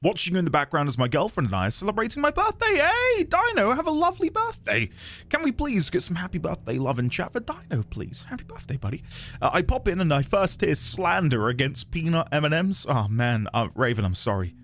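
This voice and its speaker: A man's voice: a little high, wildly swooping pitch, fast, a bit bright. A man streaming a game, chatting casually and greeting viewers by name.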